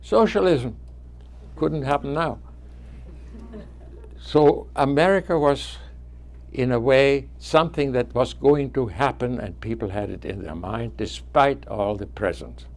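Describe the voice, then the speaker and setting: A man in his nineties with a foreign accent whose first language is not English, telling students about his life in a halting way, with frequent restarts. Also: mid-range voice. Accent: foreign accent, origin not named. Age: 90s. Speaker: guest speaker.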